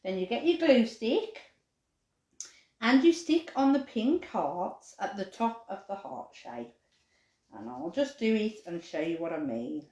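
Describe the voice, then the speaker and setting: A woman's voice: mid-range voice, a little slow, roomy sound, muffled recording. A woman presenting a live craft lesson for children, chatty and cheerful, now and then barking like a dog for fun. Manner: chatty, animated, says dog barks playfully.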